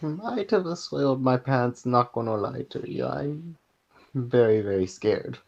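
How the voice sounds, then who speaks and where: A woman's voice: rumbling low, animated, unhurried, vocal fry, darkish tone, muffled recording. A woman playing a tabletop game, speaking in character with a formal, wry delivery. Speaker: player.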